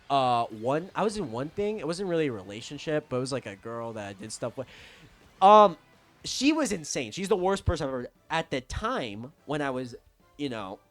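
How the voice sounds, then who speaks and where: A young man telling a profane, heated story in a vlog rant, swinging from low mutters to yelling. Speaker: vlogger. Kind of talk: ranting storytime.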